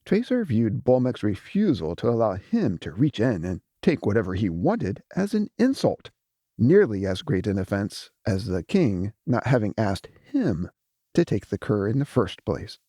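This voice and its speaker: A man narrating a fantasy audiobook in an expressive, measured storytelling manner. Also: lowish voice, no room sound, studio quality.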